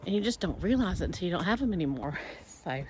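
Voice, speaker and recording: A woman's voice: lowish voice, sing-song, fast, noisy background. A woman in her forties talking candidly in a personal vlog, rambling with many fillers. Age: 40s. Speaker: vlogger.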